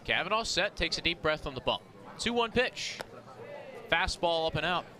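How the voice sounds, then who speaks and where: A man calling live baseball play-by-play, rattling off pitches and counts, rising to shouts on big plays. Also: animated, normal speed. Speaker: play-by-play announcer. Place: outdoor ballpark broadcast booth. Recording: outdoor ballpark crowd behind. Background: ballpark crowd.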